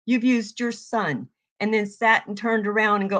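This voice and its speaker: A woman giving a heated, profane commentary rant, yelling at times. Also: fairly high pitch, animated, moderate pace, few pauses. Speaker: online commentator.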